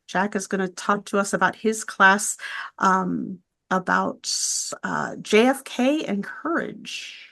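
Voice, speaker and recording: A woman's voice: mid-range voice, lively intonation, slow pace, gravelly, a bit bright. A woman hosting a virtual meet and greet, friendly as she introduces speakers and reads out class dates. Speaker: event host. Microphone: video call.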